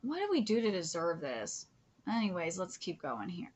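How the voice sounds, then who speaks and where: A woman streaming a live manga reaction, gushing, cursing freely and often dropping into breathy whispers. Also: lowish voice, huge pitch swings, moderate pace, darkish tone. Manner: gushing, swears a lot, drops into whispers.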